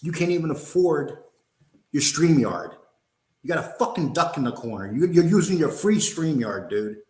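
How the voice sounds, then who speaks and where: A man's voice: fairly high pitch, lively intonation, normal speed, darkish tone. An older man hosting a livestream, ranting angrily in a profane, combative, mocking way. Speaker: host. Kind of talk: angry livestream rant. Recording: roomy echo.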